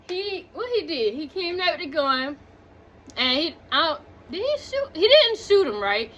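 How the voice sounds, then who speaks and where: A woman recapping a movie in casual chat, animated and talking straight to her viewers, drifting off on tangents. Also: extremely high pitch, normal speed. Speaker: movie reviewer.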